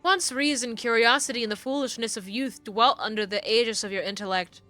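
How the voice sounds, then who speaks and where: A woman voicing a gloomy female spirit of melancholy, reading game dialogue in a slow, solemn, low recitation. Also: sharp tone, soft background music. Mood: somber.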